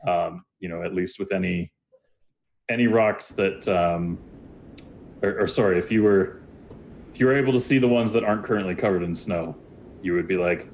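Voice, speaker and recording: A man's voice: low-pitched, moderate pace, pauses often, slight background noise. A man narrating as game master in a rambling, laid-back way full of fillers.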